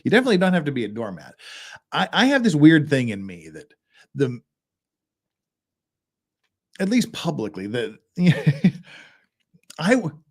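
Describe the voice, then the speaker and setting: A man's voice: fairly high pitch, very animated, a little slow, long pauses. A man hosting a legal commentary show, talking casually in a rambling way with restarts and chuckles. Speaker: host of a legal commentary channel.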